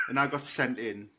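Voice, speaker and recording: A man co-hosting a podcast, telling a rambling story in casual chat and swearing freely. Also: mid-range voice. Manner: animated, swearing, laughing storyteller. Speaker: podcast co-host. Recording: noisy podcast recording.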